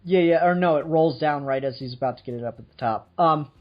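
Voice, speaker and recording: A podcast co-host with a high-sided voice retells a myth at a quick pace during a casual chat, rambling, swearing and laughing as he goes. The recording has a dull lo-fi sound.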